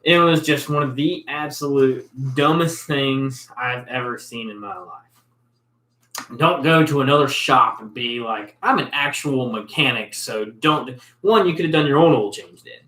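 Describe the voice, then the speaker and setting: A man's voice: medium pitch, moderate pace, fairly bright tone. Exasperated man ranting in a roomy space. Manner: exasperated, rambling, blunt. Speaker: show host, car mechanic. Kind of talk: casual storytelling rant. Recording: roomy echo.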